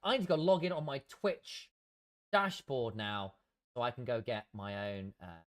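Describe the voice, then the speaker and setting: A man's voice: mid-range voice, moderate pace. A man streaming a game live, chatting casually to viewers and muttering to himself while he fiddles with his settings.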